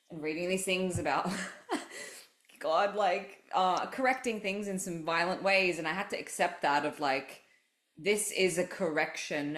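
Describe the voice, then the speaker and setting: A woman's voice: low-pitched, fairly bright tone. A woman podcast host in casual spiritual chat, candid and profane, telling stories with animation. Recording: roomy echo.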